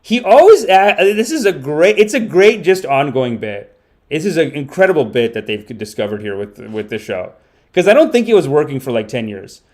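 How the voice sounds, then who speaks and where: A man hosting a casual comedy podcast stream, rambling and animated, with the odd curse. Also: fairly high pitch, normal speed. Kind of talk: casual livestream commentary.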